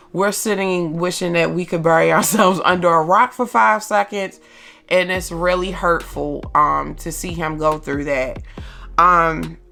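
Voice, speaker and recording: A mother shares her feelings in a candid vlog, her words coming slowly and haltingly with many ums. Her voice sits a little low and carries a gravelly fry. Faint music plays behind her. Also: a bit bright. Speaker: mother vlogger.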